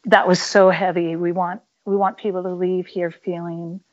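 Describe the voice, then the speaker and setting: A woman's voice: on the low side, level tone, normal speed. A woman musician telling stories candidly and emphatically in a casual interview, with many fillers. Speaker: punk band musician, interview guest. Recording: dull lo-fi audio.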